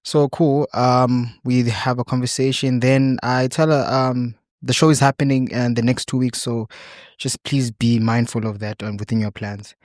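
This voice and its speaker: A man's voice: medium pitch, little pitch movement, darkish tone, no room sound, studio quality. Hesitant young man. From South Africa. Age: 20s. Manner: halting, many ums and restarts. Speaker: guest. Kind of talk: hesitant personal storytelling.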